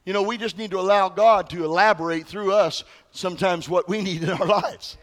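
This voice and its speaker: A man's voice: high voice, steady tone, fairly quick, a bit bright. A male pastor preaching a sermon in a conversational way, often asking the congregation questions.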